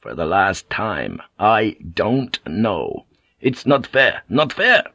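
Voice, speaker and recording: A man's voice: fairly low pitch, sing-song, takes it slowly, creaky, sharp tone, no echo, lo-fi sound, heavily acted. A man reading an audiobook, voicing a stern, icy ship's pilot who gives curt orders. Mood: frustrated. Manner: curt, commanding.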